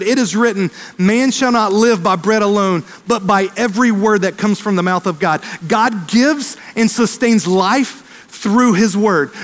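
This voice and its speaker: A pastor delivers a fervent sermon in a strikingly high male voice. He races through some lines and slows others for weight. The sound rings with the long reverb of a big church hall. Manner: fervent preaching, quickening and slowing for emphasis.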